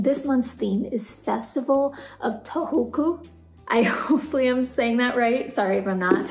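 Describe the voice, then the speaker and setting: A woman's voice: fairly high pitch, a little mellow. A woman hosting a reaction channel, enthusiastically reading a snack-box sponsorship with bubbly praise. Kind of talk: sponsor read, then reacting to anime.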